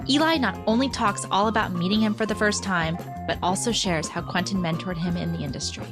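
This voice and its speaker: A woman's voice: medium pitch, brisk, music in the background. A woman hosting, discussing a film and narrating the episode in a thoughtful, articulate manner. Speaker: host.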